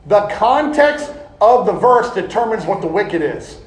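A man preaching a sermon in an animated, folksy way, often breaking into laughter. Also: sits high, unhurried. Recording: echoey room.

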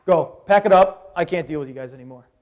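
A man's voice: fairly high pitch, fast, lightly acted. A man voicing God as weary and fed up, in a curt, exasperated tone.

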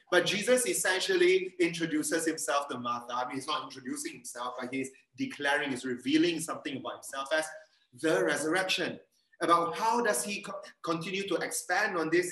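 A man's voice: fairly high pitch, bright, forceful tone. Earnest male preacher in an echoey room. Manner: earnest, repeats phrases for emphasis. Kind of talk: sermon over video call. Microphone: video call. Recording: echoey room, a bit far from mic.

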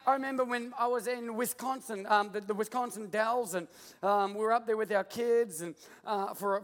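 Australian male pastor, very high voice, jokey digressive sermon, big reverberant hall. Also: fairly bright tone.

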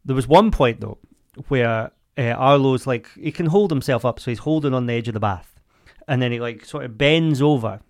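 A man's voice: mid-range voice, moderate pace, no echo. Easygoing man, dry recording. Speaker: podcast co-host. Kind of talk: casual chat.

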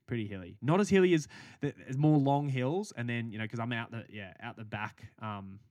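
A man's voice: medium pitch, moderate pace, a little mellow, no room sound. A young adult Australian man co-hosting a podcast, rambling through a story with casual swearing and laughs. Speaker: podcast co-host. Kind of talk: casual chat.

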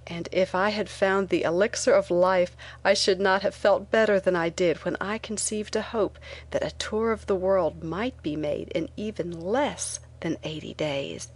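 A woman reading a first-person memoir aloud as an audiobook narrator, in a clear storytelling manner. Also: fairly low pitch, unhurried.

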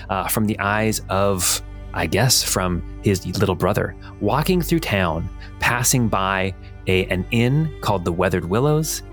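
A man running a tabletop game as game master, recapping the last session in a relaxed, loose way. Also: fairly low pitch. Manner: relaxed, with frequent ums and laughs.

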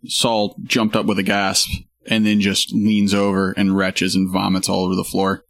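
A man's voice: deep voice, completely flat delivery, normal speed, vocal fry, no echo. Stammering casual male tabletop player. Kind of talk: in-character play at a tabletop game. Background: background music.

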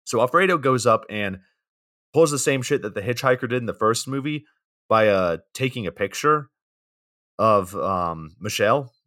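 A man's voice: medium pitch, animated, moderate pace, a bit bright. A young man co-hosting a podcast, recapping a movie's plot in a laid-back way with fillers and side comments.

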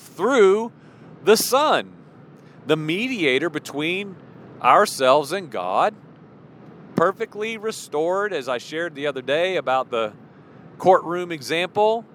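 A man's voice: a little high, fairly bright tone. A man preaching an informal sermon in a conversational way, asking rhetorical questions and acting out imagined voices, recorded outdoors near traffic.

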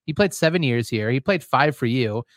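A man's voice: medium pitch, lively intonation, normal speed, no room sound, clean studio sound. A man co-hosting a sports podcast, chiming in easily with comments and questions. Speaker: podcast co-host. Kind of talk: casual sports chat.

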